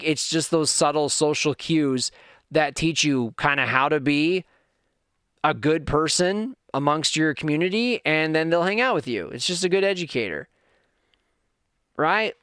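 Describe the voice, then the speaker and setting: A man's voice: on the high side, a bit bright, clear, resonant tone, no echo, studio quality. A man hosting a podcast, talking candidly and earnestly in a personal monologue that builds to fired-up moments. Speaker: podcast host.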